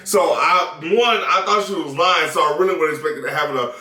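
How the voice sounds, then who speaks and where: Animated man telling a story. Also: on the high side, a little fast. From Southern United States. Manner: laughing, animated, swears freely. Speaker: vlogger, new father. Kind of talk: casual storytelling chat. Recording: echoey room, mic at a distance.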